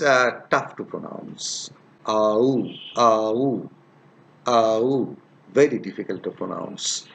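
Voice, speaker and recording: A male linguistics teacher gives a recorded lecture in a low, slightly bright voice, speaking slowly and hesitantly with many "uh" fillers. He repeats example sounds and words over and over.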